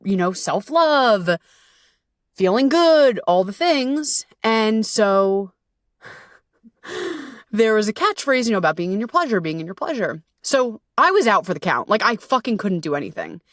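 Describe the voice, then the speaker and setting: A woman's voice: medium pitch, big pitch swings, unhurried, no room sound. Candid, profane woman host, dry sound. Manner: candid, profane, conversational with frequent fillers. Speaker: podcast host and self-love coach. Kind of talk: casual storytelling monologue.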